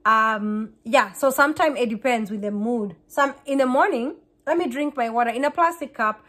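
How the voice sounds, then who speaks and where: A woman, a Kikuyu speaker, chatting fast to camera in a casual vlog, often repeating and restarting words. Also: fairly high pitch, fairly bright tone. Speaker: vlogger.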